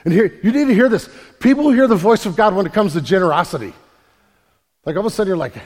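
A pastor preaching an emphatic sermon in a church, often repeating words and swinging from loud to quiet. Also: male voice, high-pitched, expressive, quick pace. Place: church sanctuary. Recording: long hall reverb.

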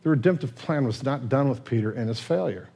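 A man preaching a sermon, retelling a scripture story in a casual, conversational way, swinging from loud and lively to hushed and tender. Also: mid-range voice, brisk, creaky, slightly rough. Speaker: pastor.

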